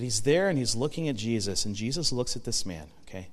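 A man's voice: medium pitch, lively intonation, brisk, hardly any pauses, sharp tone. A man preaching a sermon in a conversational way, with many rhetorical questions and some false starts. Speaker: pastor. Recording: long echo of a large hall.

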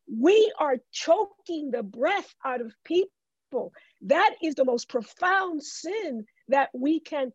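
A woman from the Bronx, speaking as a guest in an interview with a preaching cadence, slowing into emphatic drawn-out phrases. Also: sits high, dry recording. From the Bronx, New York. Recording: dull lo-fi dry sound.

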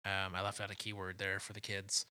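A man's voice: monotone, brisk, pushed and bright, clean tone, dry recording. A man co-hosting a casual movie chat, laughing often and breaking into quotes. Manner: laughs often, acts out movie quotes in high silly voices. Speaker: podcast co-host.

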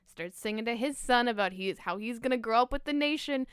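Swearing, excitable young woman podcaster. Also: fairly high pitch, fairly quick, clean tone, no room sound, clean studio sound. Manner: excited, swears a lot, laughs often. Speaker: podcast co-host. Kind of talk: casual chat.

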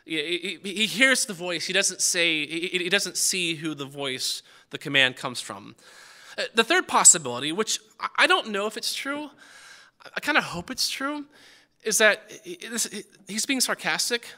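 A man delivering a sermon in a very bright, forceful voice that sits a little high. He talks conversationally and often stammers and restarts his sentences. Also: expressive, normal speed. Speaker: preacher.

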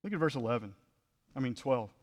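A man's voice: mid-range voice, animated, fairly quick, darkish tone, long reverb tail. A man preaching a conversational sermon as pastor, full of rhetorical questions.

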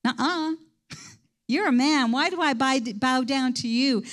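A woman's voice: high-pitched, slow, fairly bright tone. A woman voicing a defiant man who urgently presses his cousin to act.

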